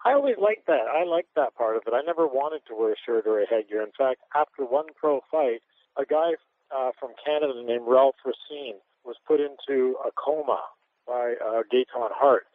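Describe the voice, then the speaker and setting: A man's voice: medium pitch, moderate pace, dry recording. A man who is a retired pro boxer, telling candid anecdotes in an interview, rambling with restarts and chuckles. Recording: tinny phone-line radio audio.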